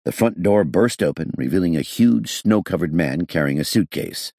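Deep, gravelly male narrator. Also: lively intonation, normal speed, warm tone, dry recording, clean studio sound. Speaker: audiobook narrator. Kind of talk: scripted narration.

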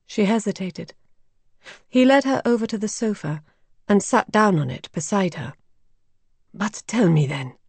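A woman narrating an audiobook in a measured, calm way, recorded close to the mic. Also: medium pitch, no echo.

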